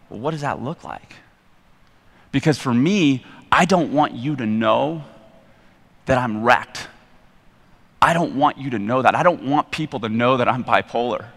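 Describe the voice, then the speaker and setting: A man's voice: mid-range voice, a little slow, long pauses, a bit bright. A middle-aged man giving a candid, rambling personal testimony from the stage, a bit self-deprecating. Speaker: guest speaker at church. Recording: long reverb in a large hall.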